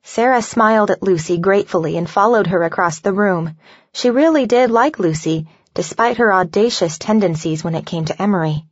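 A woman narrating an audiobook in an even, measured reading. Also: fairly low pitch, no echo, muffled recording. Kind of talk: scripted narration.

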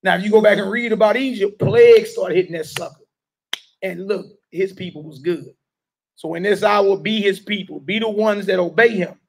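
A man's voice: high voice, normal speed, vocal fry. A man preaching to a gathered room, urging and questioning his listeners in call and response. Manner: emphatic, urging the listeners directly. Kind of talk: street-style sermon with call and response.

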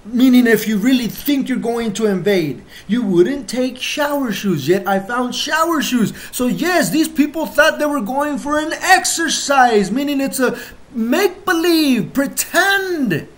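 A channel host talking straight to viewers in an emotional, heated monologue, full of profanity, with sudden loud outbursts and slow, stressed lines. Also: sits high, animated.

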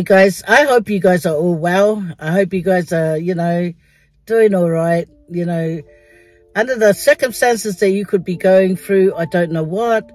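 A woman's voice: fairly low pitch, darkish tone, rough recording. An older woman chatting casually to her vlog while sitting in a car, laughing often and dropping words into her English. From Samoa. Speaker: vlogger.

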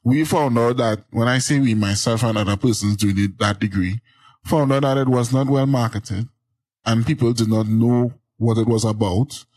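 Steady man with a drony voice. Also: mid-range voice, normal speed, no echo. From Trinidad. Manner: steady, explanatory, self-described drony voice. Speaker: guest, agricultural journalist. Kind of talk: casual interview.

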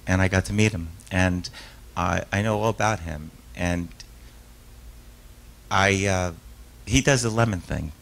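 A man's voice: lowish voice, fairly bright tone, poor audio. A man giving a live author talk and taking audience questions, a stage hypnotist who rambles, restarts his sentences and acts out voices in his stories. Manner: rambling, self-interrupting storyteller with frequent restarts and laughs.

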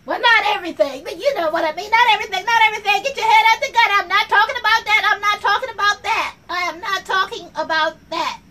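A woman's voice: very high-pitched, rapid-fire, few pauses, sharp tone, slight background noise. A woman performing a comic monologue as an office worker, sassy and repetitive, talking straight to the audience. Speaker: comedy sketch performer. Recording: voice from far off the mic, faint ambience.

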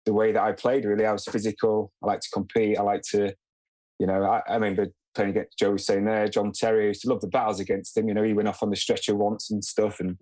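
Podcast guest: low-pitched man, easygoing and reflective, dry recording. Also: little pitch movement, fast talker, a little mellow, no echo, rough recording. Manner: easygoing, reflective, short plain sentences. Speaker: guest, former footballer. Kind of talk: casual podcast chat.

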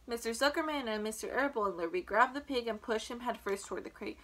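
Woman reading aloud, children's storybook, clear steady narration, bright higher voice. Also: fast. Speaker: storybook reader.

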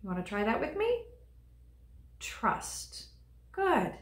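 Woman leading a children's liturgy, bright-toned, gentle and encouraging, in an echoey room. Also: on the high side, lively intonation, a little slow. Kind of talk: teaching young children.

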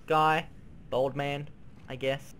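A man's voice: on the high side, slow, a little hiss or hum. A man giving loose let's play commentary over a horror game, swearing, yelping at scares and humming along while he plays. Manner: excitable, swearing, yelps and shouts at scares; sings and hums to himself while playing. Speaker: gaming video creator.

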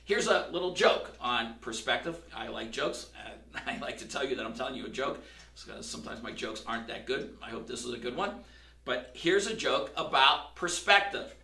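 Male pastor, sermon, gravelly texture, echoey room, mic at a distance. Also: mid-range voice, animated, normal speed, bright, forceful tone. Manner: conversational preaching, building to emphatic questions. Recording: roomy, from across the room.

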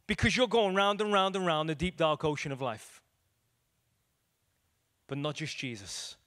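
With a fairly high pitch and a bit of brightness, this Liverpool-born male evangelist speaks a little slowly and animatedly. He delivers a storytelling sermon to a room of listeners at a church meeting room, acting out the dialogue in his tales.

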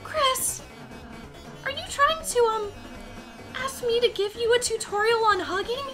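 A woman voices a shy, gentle young male goat-like creature, reading his game dialogue aloud in a sweet, hesitant, encouraging way. Her voice is very high-pitched and a little slow, with faint music behind.

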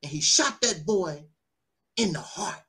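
A man's voice: sits high, lively intonation, a little slow, pushed and bright. A man speaking in an emotional personal monologue, tearful and heated, with a preacher-like cadence. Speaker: online commentator.

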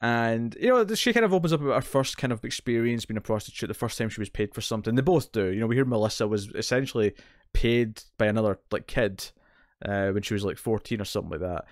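A British man talks through an episode recap in a loose, chatty way, often restarting his sentences. His voice sits at a middling pitch. It is recorded close and dry, with little room sound. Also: quick pace, no room sound. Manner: rambling, restarts a lot, recaps the plot in detail. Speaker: podcast co-host. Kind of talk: casual TV recap discussion.

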